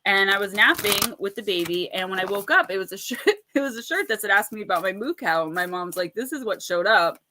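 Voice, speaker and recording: A woman's voice: medium pitch, expressive, fairly quick, sharp tone, slight background noise. A woman hosting a casual livestream of oracle card readings, chatty and rambling, laughing often and greeting viewers by name.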